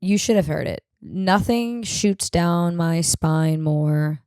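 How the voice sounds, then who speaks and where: Low, gravelly woman telling blunt stories. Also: slow pace, warm tone, no echo, clean studio sound. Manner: blunt, profane, rambling storyteller. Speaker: podcast host. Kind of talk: casual comedic monologue.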